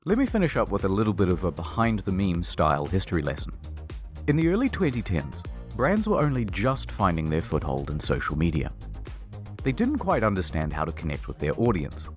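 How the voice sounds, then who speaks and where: A man's voice: sits low, wildly swooping pitch, fairly quick, soft background music. A man giving a scripted, comedic narration with a dry, sarcastic delivery. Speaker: video essay narrator.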